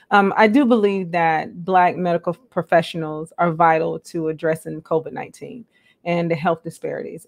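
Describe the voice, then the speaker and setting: A woman hosting a live online interview, earnest and halting with many ums, laughing often, over a video call. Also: fairly low pitch. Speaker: host.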